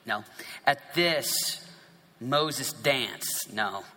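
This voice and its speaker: A man's voice: medium pitch, drawn-out words, bright, forceful tone. A man preaching a sermon, reading scripture dramatically with playful asides and sudden drops to a whisper. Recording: echoey hall reverb.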